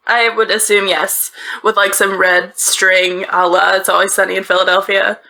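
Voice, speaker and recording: Woman podcast host, gravelly voice, bright tone, casual storytelling, chatty asides. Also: mid-range voice, level tone, moderate pace. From northeastern United States. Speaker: podcast host telling the case. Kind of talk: casual true-crime chat. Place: small closet-like bedroom.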